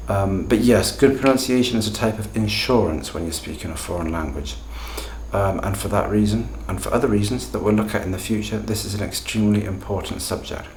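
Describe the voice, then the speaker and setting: Male teacher, lowish voice, deliberate and emphatic, recorded in an echoey room. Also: darkish tone, a little hiss or hum. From Britain. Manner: deliberate, emphatic, tag questions. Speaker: language teacher, channel host. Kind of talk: explanatory video lesson.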